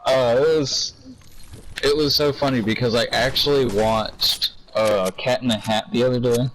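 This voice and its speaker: Man excitedly retelling a movie. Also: mid-range voice, normal speed, slight background noise, poor audio. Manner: animated storyteller, retells film scenes with lots of fillers. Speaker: gamer friend. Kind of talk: casual chat while gaming.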